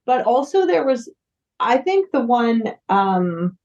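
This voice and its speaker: A woman's voice: fairly high pitch, big pitch swings, takes it slowly, a little mellow. A woman from the United States, a singer-songwriter, chatting casually as an interview guest, full of fillers and restarts. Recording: dull lo-fi sound.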